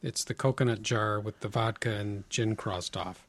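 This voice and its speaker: A man's voice: on the low side, steady tone, normal speed, a bit bright. A man co-hosting a podcast in casual banter, teasing his partner and joking around. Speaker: podcast co-host.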